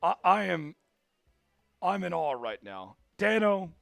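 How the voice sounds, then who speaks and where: Excitable high-voiced man calling plays. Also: slow pace, creaky, long pauses, no room sound. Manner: excitable, shouts big plays. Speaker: livestream sports host. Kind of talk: live play-by-play watch-along.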